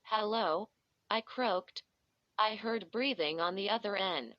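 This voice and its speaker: A woman narrating a first-person story in a slow, measured reading. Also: mid-range voice, dry recording. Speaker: audiobook narrator. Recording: dull lo-fi dry recording.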